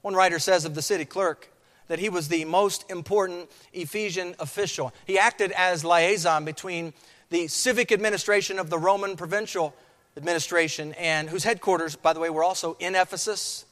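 A man's voice: sits high, steady tone, moderate pace, fairly bright tone. A man preaching a sermon on a scripture passage, acting out crowd chants. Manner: dramatic, acts out crowd chants. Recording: long hall reverb.

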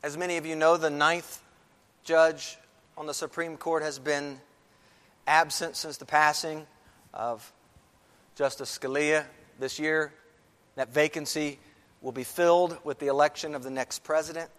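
A man's voice: fairly high pitch, flat delivery, a little slow, pauses often, a bit bright, smooth. Guy preaching, leans hard on repeated lines, big echoey church. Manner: emphatic preaching with repeated phrases. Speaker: pastor. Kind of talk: sermon. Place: church sanctuary. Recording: long reverb of a large hall.

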